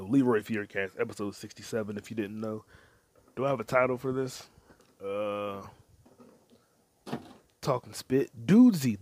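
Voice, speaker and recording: Male solo podcaster, low and gravelly, loose profane stream-of-consciousness delivery. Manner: crude, profane, jumps between topics; mutters to himself while browsing and watching. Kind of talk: rambling casual monologue.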